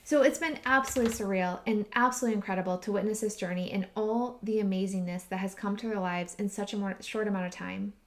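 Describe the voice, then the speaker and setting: A woman hosting a podcast, telling a personal story in a slow, heartfelt way that sometimes drops to a near whisper. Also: medium pitch. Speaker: podcast host and retreat leader.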